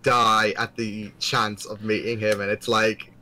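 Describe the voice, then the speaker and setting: A man's voice: lowish voice, level tone, a little slow, pushed and bright, poor audio. A young man co-hosting a casual podcast, talking hesitantly with many fillers in earnest fan talk. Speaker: podcast co-host. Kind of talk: casual chat.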